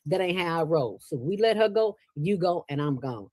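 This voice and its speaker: A woman's voice: low voice, animated, normal speed, few pauses, darkish tone, dry recording. A woman who founded a nonprofit, speaking as an interview guest and telling stories in a colloquial, emphatic way with lots of quoted dialogue. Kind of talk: casual storytelling interview.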